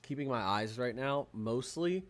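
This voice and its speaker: Young guy doing a weather livestream, excitable, rambly, lots of ums, mid-pitch voice. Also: a little slow. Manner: excitable, rambling, many fillers and restarts. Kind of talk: casual livestream commentary.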